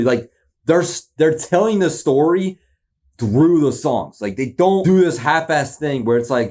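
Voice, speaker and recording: A man hosting a reaction video, talking casually in rambling bursts, with frequent laughs and confused exclamations. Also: mid-range voice. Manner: animated, rambling, laughs often.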